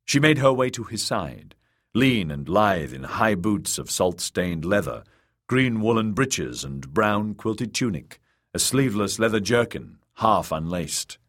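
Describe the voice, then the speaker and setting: A man narrating an audiobook with expressive storytelling. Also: on the low side, measured pace. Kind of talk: scripted narration.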